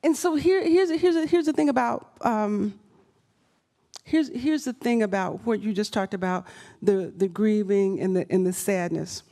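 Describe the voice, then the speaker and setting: A woman's voice: medium pitch, unhurried, warm tone. A woman leading a live writing workshop, talking emphatically and often repeating and restarting her phrases. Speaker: workshop leader. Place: event room.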